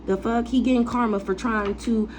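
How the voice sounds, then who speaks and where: A woman's voice: fairly high pitch, fairly even intonation, normal speed, darkish tone, slight background noise. A woman tarot reader ranting casually, blunt, defiant and profane, repeating phrases for emphasis.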